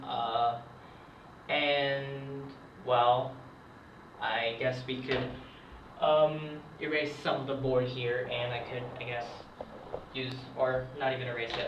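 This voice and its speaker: Slow, hesitant young man teaching. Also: mid-range voice, slight background noise. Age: young adult. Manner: hesitant, many ums, slow and unhurried. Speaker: hobbyist French teacher. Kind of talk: casual whiteboard lesson. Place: room, writing at a board. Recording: echoey, distant, dull lo-fi camera audio.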